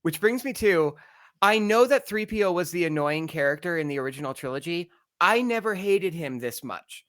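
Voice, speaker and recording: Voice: medium pitch, animated, normal speed, a bit bright. A co-host in a casual film discussion over a video call, talking wryly with sarcastic rhetorical questions. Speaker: podcast co-host.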